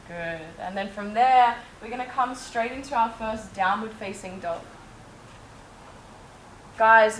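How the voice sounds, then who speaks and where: A woman teaching a yoga class, calmly cueing breath and movement step by step. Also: medium pitch, recorded from a distance, a little hiss or hum. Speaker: yoga instructor. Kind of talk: guided yoga class instruction. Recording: echoey room, faint ambience.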